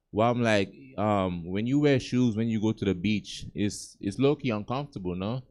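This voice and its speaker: A young man from Gambia performs stand-up at a comedy club, talking in a relaxed, conversational way. His voice sits on the lower side and sounds smooth and resonant through a handheld stage mic. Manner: laid-back, conversational, chuckling at own jokes.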